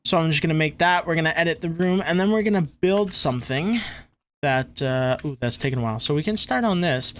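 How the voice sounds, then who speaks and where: A man's voice: on the high side, a bit bright, clean tone. A man hosting a gaming channel, chatting casually and rambling through gameplay commentary with lots of fillers and a loose, self-mocking, easygoing manner.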